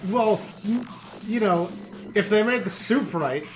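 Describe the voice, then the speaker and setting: A man's voice: high voice, expressive, measured pace, a little hiss or hum, pitched above the performer's own voice, rough recording. A man voicing a stubborn, indignant woman shopper in a retold story, with a complaining manner. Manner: huffy, complaining. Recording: game music playing behind.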